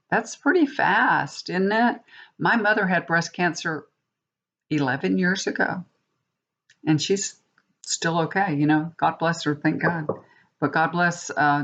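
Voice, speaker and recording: A woman's voice: low-pitched, fairly bright tone, dull audio. A woman tarot reader chatting casually to her viewers, indignant and talkative, calling them y'all.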